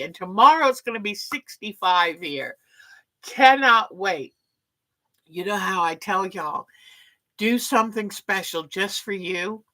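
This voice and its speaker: A woman chats her way through a quilting livestream. Her voice is bright and clear, and she talks at an unhurried pace, greeting viewers by name as she goes. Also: mid-range voice, low-quality recording. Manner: chatty, warm sign-offs, talks to viewers by name. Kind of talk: casual livestream chat.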